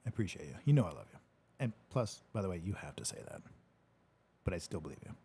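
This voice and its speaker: Very animated and fast, a man with a low, husky, mellow voice reads viewer comments on a casual livestream. The podcast host jokes in a relaxed way and swears occasionally from his home studio.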